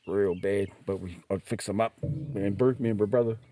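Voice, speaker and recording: New Zealand man telling lively stories. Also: fairly low pitch, fairly quick. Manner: animated, acts out quoted voices, laughs while telling. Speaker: podcast guest. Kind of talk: casual storytelling.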